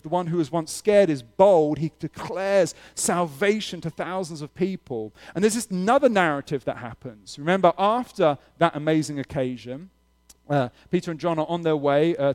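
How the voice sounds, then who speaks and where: Guy pastor giving a sermon, bit higher voice, chatty then suddenly loud. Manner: conversational, animated preaching with sudden loud emphasis.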